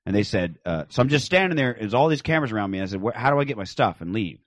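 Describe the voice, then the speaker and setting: A man's voice: lowish voice, very fast, dry recording. A young adult man telling a rowdy story in casual chat, swearing freely and acting out the voices of the people in it. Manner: animated, acts out quoted voices. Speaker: storyteller guest.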